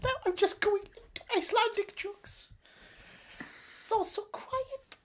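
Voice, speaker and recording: A man doing a comic impression of an airy, whimsical Icelandic woman singer, high and sing-song. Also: unhurried, fairly bright tone. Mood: dreamy.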